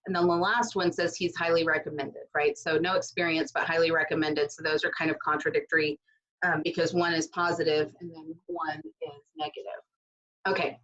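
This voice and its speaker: A woman's voice: lowish voice, a bit bright, rough recording. A woman teaching a casual recorded writing lesson from home, speaking loosely with many fillers and asides. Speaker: writing instructor.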